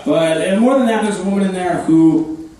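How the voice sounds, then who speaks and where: A man works a comedy club crowd with deadpan, self-mocking jokes, tossing in quick asides as he hosts the night. His voice sits a little high and sounds distant, and the club around him echoes heavily. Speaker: stand-up comedian and host. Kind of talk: stand-up comedy set. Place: comedy club stage before a live crowd. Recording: echoey room, voice from afar.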